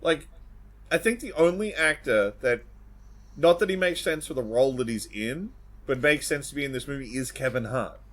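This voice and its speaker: A man's voice: mid-range voice, lively intonation, normal speed, a bit bright. A man co-hosting a casual podcast, talking bluntly and swearing freely. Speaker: podcast co-host.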